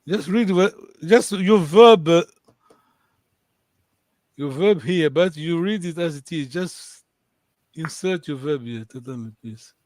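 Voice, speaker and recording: A man's voice: on the high side, a little slow, pauses often, a little mellow, dry recording. A man teaching a language lesson over a video call, patiently repeating and checking that his students follow.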